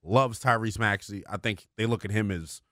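In a studio with no echo, a man co-hosts a sports radio show at normal speed. His banter is animated, swinging from loud to low as he fires off rhetorical questions.

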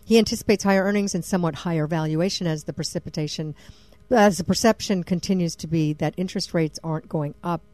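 A woman's voice: on the low side, quick pace, darkish tone, dry recording. A woman co-hosting an investing radio show, chatty as she reads out survey figures. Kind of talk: casual radio talk.

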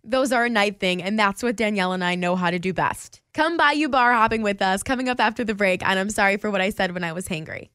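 A woman co-hosting a radio show, playful and quick to laugh. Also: medium pitch, a bit bright, clean tone, no echo, clean studio sound. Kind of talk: casual chat.

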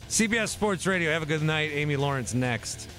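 A man hosting a sports talk radio show from a studio, chatty and quick to laugh, often restarting his sentences. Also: on the high side, animated, a bit bright, soft background music. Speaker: radio host. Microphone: studio microphone.

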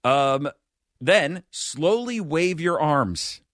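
Guy hosting a comedy podcast, bright lively voice, sarcastic riffs. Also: fairly high pitch, very slow, no echo, clean studio sound. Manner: sardonic, animated storytelling. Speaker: podcast host.

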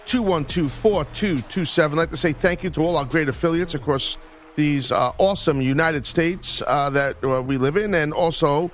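A man's voice: on the high side, normal speed, slight background noise. A man with a Southern US accent hosting sports radio in a studio, joking and boasting playfully. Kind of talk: casual radio banter. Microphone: studio mic.

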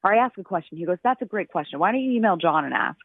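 A woman calls into a radio show and talks quickly over a tinny, phone-like line. She tells her story in an animated way, acting out the quotes. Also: fairly low pitch, husky, no room sound. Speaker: caller, fellow radio host. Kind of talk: call-in radio chat.

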